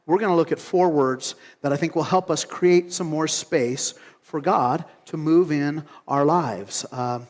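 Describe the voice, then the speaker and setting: A pastor preaching a relaxed, conversational sermon, telling on himself with frequent chuckles as he acts out a story. His voice sits fairly high for a man, and it rings out with a long reverb tail in a church hall. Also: unhurried. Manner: casual and self-mocking, laughing often, acting out the story.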